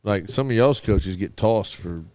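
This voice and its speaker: A man's voice: on the low side, measured pace, darkish tone. A man co-hosting a casual podcast, telling sports stories and acting out the conversations he had. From American South. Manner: storytelling, acts out quoted exchanges. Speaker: podcast co-host. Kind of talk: casual chat.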